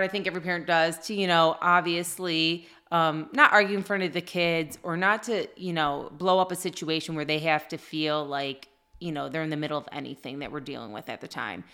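A woman's voice: low voice, bright, forceful tone. A middle-aged woman in casual podcast chat, telling heartfelt family stories in an earnest way. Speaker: podcast co-host.

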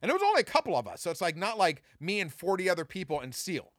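A man in his thirties from Southern California, casually telling profane stories on his podcast with big jumps in pitch. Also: huge pitch swings, rapid-fire, fairly bright tone, no room sound, studio quality. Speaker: podcast host. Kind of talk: casual storytelling.

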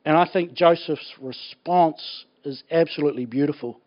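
High-voiced New pastor preaching. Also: male voice, normal speed. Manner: animated, laughs often, colloquial jokes. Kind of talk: sermon. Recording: dull lo-fi recording.

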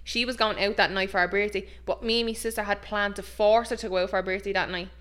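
A young woman with an Irish accent, chatting casually as a podcast co-host. She tells stories in a lively, rambling way, full of "like". Her voice sits in a middle pitch. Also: fast talker. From Ireland. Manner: chatty storyteller, animated impressions, lots of "like". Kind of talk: casual chat.

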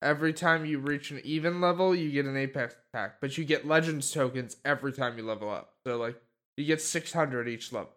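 A man's voice: medium pitch, a little fast, a bit bright. A man co-hosting a podcast in casual chat, rambling with many fillers and restarts. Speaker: podcast co-host.

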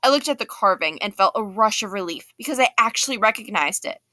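Bright-voiced woman reading a novel. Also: medium pitch, quick pace, no room sound. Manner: lively, expressive narration. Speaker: audiobook reader. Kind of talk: first-person novel reading.

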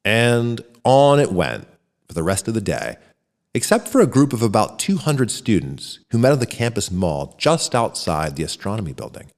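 A man's voice: fairly low pitch, sing-song, moderate pace. Man narrating a story in a long-reverb hall. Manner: voices characters with shouted lines. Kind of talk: scripted narration of a short story.

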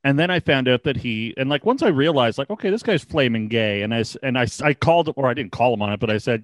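A man's voice: medium pitch, animated, fast talker, few pauses, dry recording. Chatty man in his forties. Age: 40s. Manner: rambling anecdotes, laughs often. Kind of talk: casual chat, storytelling.

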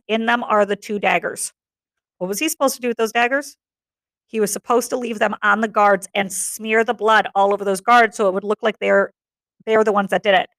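A woman's voice: fairly high pitch, fairly bright tone, dry recording. Chatty middle-aged woman teaching. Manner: chatty, explanatory with frequent "okay?". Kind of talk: classroom literature lesson.

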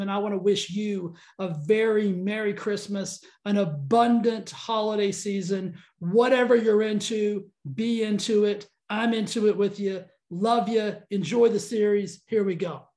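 Southern guy hosting a podcast, excited and rambly, roomy echo. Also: sits high. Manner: upbeat, rambling, enthusiastic. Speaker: podcast host. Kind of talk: casual interview chat. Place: California.

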